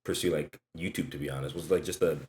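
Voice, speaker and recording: A man hosting a casual interview over a video call, slangy and joking, often trailing off quietly at the ends of his phrases. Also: extremely low pitch, fairly even intonation, fast. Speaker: interview host.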